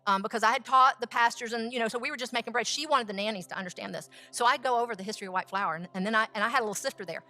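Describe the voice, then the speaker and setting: A woman who is a food scientist, teaching with lively stories and rhetorical questions. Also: on the high side, rapid-fire, few pauses. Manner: animated, acts out quotes, asks rhetorical questions. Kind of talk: teaching talk with storytelling.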